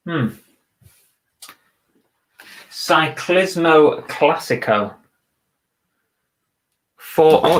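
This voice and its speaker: Slow-talking English man on a live stream. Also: medium pitch, low-quality recording. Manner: chatty, blunt, swears casually, reads out viewer comments. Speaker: eBay reseller livestreaming. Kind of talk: casual live-stream chat while listing items.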